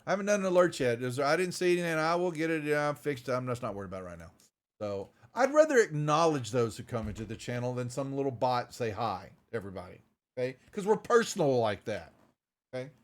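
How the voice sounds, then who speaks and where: A man's voice: medium pitch, very animated, quick pace. A man running a tabletop game on a live stream, rambling and restarting as he talks. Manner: rambling, restarts often, greets viewers. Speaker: game master.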